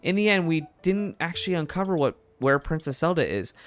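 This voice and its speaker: A man's voice: fairly high pitch, very animated, a little fast, voice pushed up. A man reading a proud newspaper editor in a game, in a raised voice.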